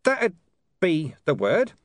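Male reader doing a rambling street interpreter, pitched way up, dry close sound. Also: wildly swooping pitch, slow, dry recording, exaggerated voice. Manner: rambling, hunting for words. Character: gravelly street man interpreting for a dog.

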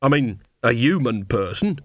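A cheerful, folksy old witch woman, chatty and quick to scold. A man voices her in a dry, close storybook reading. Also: medium pitch, sing-song, dry recording.

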